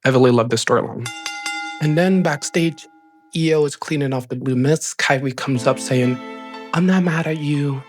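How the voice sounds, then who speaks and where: A man hosting a casual recap show, talking in an excited, rambling way full of "like" fillers. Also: mid-range voice, moderate pace, soft background music. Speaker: show host. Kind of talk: casual wrestling episode recap.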